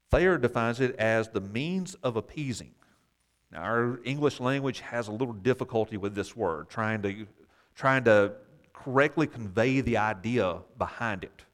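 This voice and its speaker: Male Bible class teacher, explanatory, mid pitch, wry asides.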